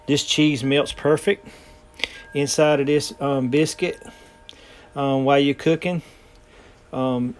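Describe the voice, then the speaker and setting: A man, talking casually and folksily while demonstrating cooking in his home kitchen. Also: mid-range voice. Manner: folksy, rambling, frequent ums. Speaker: home cooking channel host.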